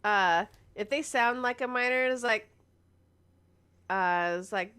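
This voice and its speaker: A woman's voice: mid-range voice, pushed and bright, clear, resonant tone. Chatty giggly woman co-host. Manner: chatty, giggly, quick asides. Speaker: podcast co-host. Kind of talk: casual gaming news chat.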